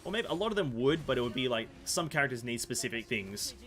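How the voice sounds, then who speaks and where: A man's voice: mid-range voice, animated, fast, fairly bright tone, faint music behind. A man with an Australian accent giving casual, rambling gameplay commentary full of fillers and self-corrections. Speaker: gaming video host.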